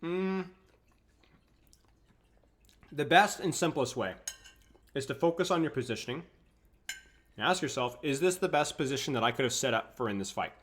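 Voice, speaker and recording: Coaching a video game on a live stream, a young man speaks at a medium pitch and moderate pace, pausing often. He eats while casually and calmly responding to questions from his viewers.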